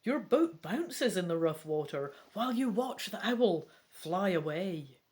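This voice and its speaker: A woman's voice: on the low side, sing-song, a little slow, darkish tone. A Scottish woman reading a gamebook aloud and commenting on it in a chatty, wry way with casual swearing. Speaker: gamebook reader.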